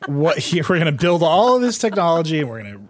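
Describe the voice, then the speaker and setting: A man's voice: a little high, fast, no room sound, clean studio sound. Man, podcast co-host, casual panel chat, rambling, sarcastic. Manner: animated, rambling, sarcastic with lots of "like".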